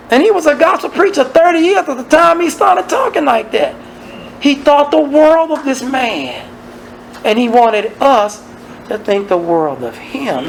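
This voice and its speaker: A man's voice: high voice, creaky, a bit bright, slight background noise, poor audio. A man teaching a Bible study, asking his listeners one rhetorical question after another. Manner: preachy, asks many rhetorical questions.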